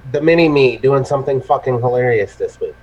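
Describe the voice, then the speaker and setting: A man's voice: medium pitch, fairly quick, a little mellow. Swearing man, muffled lo-fi sound. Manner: laughing storyteller who swears constantly. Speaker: host of a live vaping show. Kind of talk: casual live-stream chat. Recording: muffled lo-fi audio.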